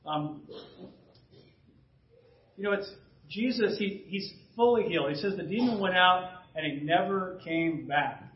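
A man preaching a sermon as pastor, conversational and often clearing his throat. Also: sits high, a little slow, pauses often. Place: church sanctuary. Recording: distant roomy church recording, dull sound.

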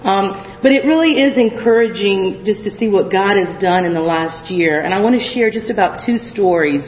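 A woman's voice: medium pitch, normal speed, a little hiss or hum. A woman addressing a church congregation in a friendly, chatty way with some hesitant fillers. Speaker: visiting church leader. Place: church sanctuary. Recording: echoey hall, slightly dull sound.

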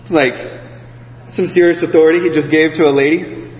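Man, preacher, high lively voice, echoey hall, dull sound. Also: brisk. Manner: animated, acts out quoted voices. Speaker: pastor. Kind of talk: sermon with scripture reading.

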